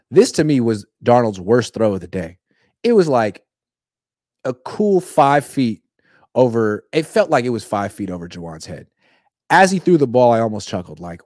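A man giving casual, jokey sports commentary with quick, animated asides. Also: mid-range voice, no echo, clean studio sound.

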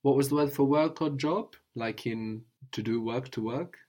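A man's voice: mid-range voice, moderate pace, a little mellow. A man teaching a language lesson patiently, often checking in with a questioning "no?".

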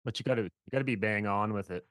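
A man's voice: on the low side, rapid-fire, a bit bright, dry recording, studio quality. A man with a Canadian accent hosting a casual podcast, easygoing and laughing often. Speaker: podcast host.

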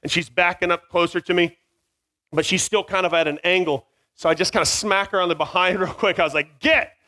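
High, bright-voiced man telling a comic story. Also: fairly quick. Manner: animated, self-mocking, acts out sounds. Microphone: small mic near his beard.

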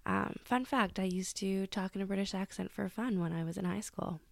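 A woman's voice: mid-range voice, brisk, gravelly, no room sound, studio quality. A woman hosting her own solo podcast, chatting casually and laughing at herself as she reads quotes aloud. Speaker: podcast host.

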